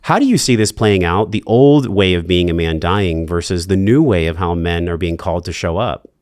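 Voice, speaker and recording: A man's voice: deep voice, lively intonation, moderate pace, a little mellow, no echo, clean studio sound. A man hosting a podcast, asking reflective, earnest questions in casual chat. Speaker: podcast host.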